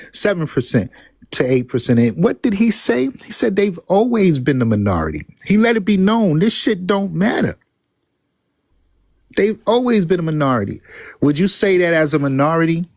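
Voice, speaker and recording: A man hosting a heated live-stream debate. He is insistent and laughs easily, and he keeps pressing the others to calm down so he can make his point. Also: sits high, creaky, husky, dry recording.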